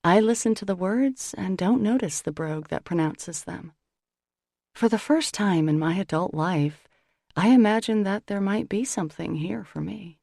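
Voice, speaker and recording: A woman's voice: medium pitch, moderate pace, gravelly, dark tone, no echo, studio quality. A woman narrating a first-person novel as an audiobook, in a wry, conversational way.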